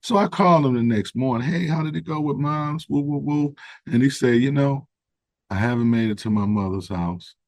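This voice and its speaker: A man, a guest who founded a recovery organization, speaks in an interview in an earnest, reflective way. He tells stories conversationally, with fillers, and gets more animated when he stresses a point. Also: mid-range voice, normal speed, dry recording. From United States. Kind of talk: interview storytelling.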